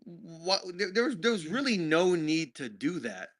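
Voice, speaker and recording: A man's voice: a little high, big pitch swings, measured pace, fairly bright tone. A man co-hosting a casual movie review podcast, talking in a rambling, jokey way. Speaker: podcast co-host.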